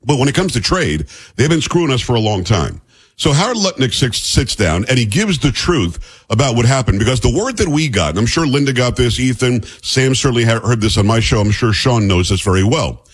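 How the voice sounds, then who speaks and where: A husky male radio host with a plain Midwestern broadcast accent, talking in a loose, jokey, opinionated way. His pitch swings widely as he riffs. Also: big pitch swings, a little fast. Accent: neutral Midwestern radio. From New York. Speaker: radio talk show host. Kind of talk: casual radio talk.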